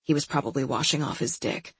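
A woman with a husky voice reading a first-person novel in a wry, detached manner. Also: extremely low pitch, fast, dry recording. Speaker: audiobook narrator. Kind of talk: scripted first-person narration.

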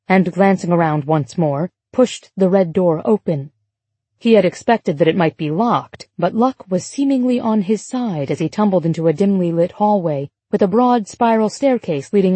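A woman reading a novel aloud in steady scripted narration. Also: on the low side, breathy edge, no room sound. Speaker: audiobook narrator.

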